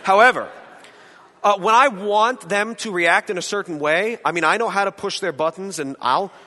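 A man teaching a Bible study in a conversational way, animated, with joking asides and rhetorical questions. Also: high-pitched, moderate pace, long reverb tail.

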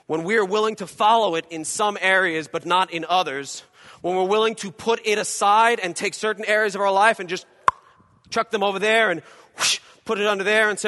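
A male pastor preaching a dramatic sermon in a church, acting out imagined voices and swinging between loud and quiet. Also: high voice, fairly even intonation, a little fast, big-room sound. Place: church hall.

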